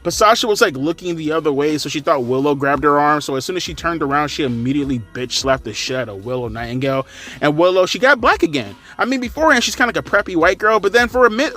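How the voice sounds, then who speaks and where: Man, wrestling reviewer; high, bright, rambling, profane, sarcastic. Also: animated, quick pace. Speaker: wrestling commentator.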